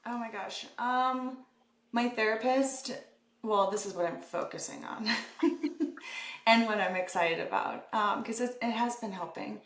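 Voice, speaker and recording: A woman's voice: fairly high pitch, measured pace. Candid woman host in echoey room. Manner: candid, chatty, swears casually. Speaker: podcast host. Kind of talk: casual conversation.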